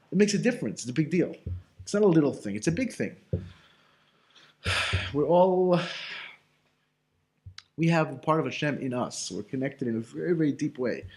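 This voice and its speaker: On the high side and a little mellow, a man's voice carries an informal Torah class. He speaks loosely and conversationally, using plenty of casual fillers and putting rhetorical questions to himself.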